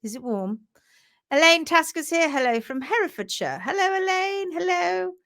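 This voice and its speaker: A talkative woman hosts a casual livestream from her home office. Her voice sits high and she keeps up a friendly running chat, greeting viewers one by one and laughing easily. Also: lively intonation, moderate pace, a bit bright. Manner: chatty, greets viewers by name, laughs often. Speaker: host of a horse hoof care livestream.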